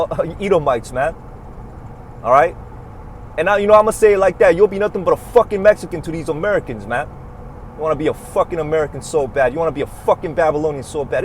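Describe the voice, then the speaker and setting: Man ranting profanely from a truck. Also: on the high side. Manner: profane, repetitive, confrontational. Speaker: religious preacher. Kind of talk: heated religious rant. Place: inside a moving truck. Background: engine and road noise.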